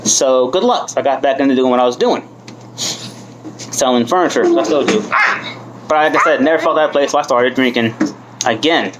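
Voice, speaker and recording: A man's voice: medium pitch, fairly quick, pauses often, background noise. A man in his thirties from the United States, giving a candid personal testimony at a recovery meeting. He mocks himself and swears freely. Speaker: speaker sharing his story at a recovery meeting.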